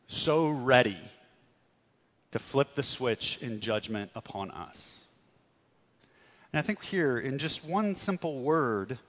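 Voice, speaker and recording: A man preaching a sermon earnestly, stressing words and dropping to soft tones for emphasis. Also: mid-range voice, long reverb tail. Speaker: pastor.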